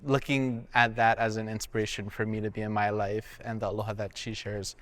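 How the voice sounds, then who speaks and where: Earnest man, flat smooth voice. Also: on the low side, a little fast, big-room sound. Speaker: contestant. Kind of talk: answering a judge.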